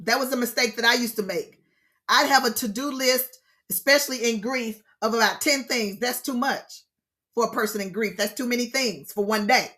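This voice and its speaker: Bright, exclaiming woman counselor. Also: fairly high pitch, moderate pace. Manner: expressive, preacher-like, exclaims and repeats key phrases. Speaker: grief counselor leading an online session. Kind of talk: lively teaching talk to an online group.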